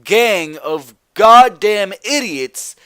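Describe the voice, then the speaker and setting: A man's voice: high voice, expressive, very slow, sharp tone, clean tone, no echo. Exasperated man ranting in a review. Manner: exasperated, repetitive rhetorical questions. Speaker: wrestling show reviewer.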